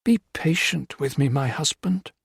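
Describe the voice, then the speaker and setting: Brief: male narrator doing a distraught wife, pleading and desperate, raised high and husky, audiobook. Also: lively intonation, a little slow, dry recording, clean studio sound, full character voice. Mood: desperate, tearful. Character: distraught British woman, wife of a Japanese colonel. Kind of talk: audiobook character voice.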